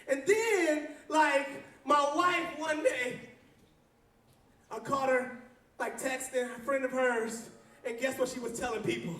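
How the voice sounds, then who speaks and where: A man's voice: very high voice, moderate pace, sharp tone, recorded from a distance. A man from Flint preaching as a youth pastor to teenagers in a church hall, joking, laughing and calling out to the crowd for responses. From Flint, Michigan. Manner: playful, call-and-response, often laughing.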